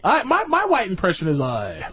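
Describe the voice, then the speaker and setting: A man co-hosting a radio show, laughing and cutting in with quick remarks. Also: high-pitched, huge pitch swings, over a noisy crowd. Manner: laughing, interjecting. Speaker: radio co-host. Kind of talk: casual radio banter.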